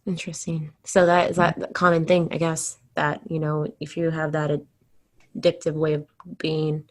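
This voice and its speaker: A woman's voice: low-pitched, monotone, moderate pace. A woman hosting an interview, speaking thoughtfully and somewhat hesitantly, with filler words as she reflects. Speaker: podcast host.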